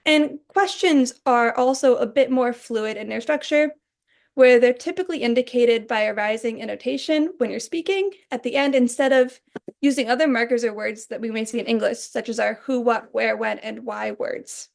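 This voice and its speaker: Young woman walking thru a class presentation, higher voice w some gravel. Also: moderate pace. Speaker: student presenter.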